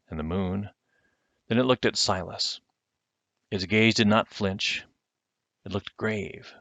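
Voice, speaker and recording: A man reading a chapter book aloud to his children at home in a measured storytelling way, recorded on a webcam. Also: sits low, a bit bright, no room sound. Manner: measured storytelling, slowing for effect. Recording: dull lo-fi webcam sound, dry.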